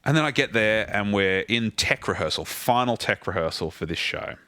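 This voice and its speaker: Deep-voiced man telling stories. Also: normal speed, dry recording, studio quality. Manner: animated anecdotal storyteller, casual swearing. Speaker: guest, theatre musical director. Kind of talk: casual interview storytelling.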